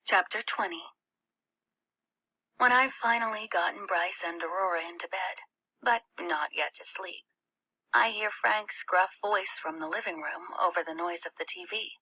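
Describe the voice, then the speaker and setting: A woman reading a novel aloud, slow and careful in her storytelling. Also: on the low side, pushed and bright, slightly rough. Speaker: audiobook reader.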